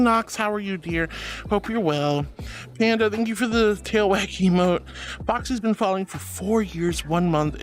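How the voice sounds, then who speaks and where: Gushing affectionate woman streamer. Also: mid-range voice. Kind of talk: casual stream chat reading viewer messages.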